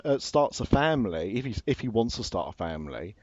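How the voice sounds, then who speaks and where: Animated joking male podcast host. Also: lowish voice, a little fast, a crowd in the background. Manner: animated, joking, repeats words as he goes. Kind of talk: casual chat, interviewing. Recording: dry, slightly muffled podcast audio.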